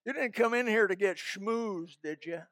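A man's voice: sits high, normal speed, a bit bright, dry recording, studio quality. An older man preaching a folksy, emphatic sermon, breaking into snatches of hymns.

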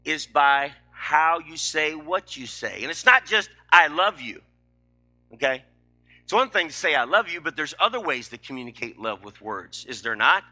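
A man's voice: on the high side, bright, forceful tone. A middle-aged man, preaching a sermon in a folksy, emphatic, joking way.

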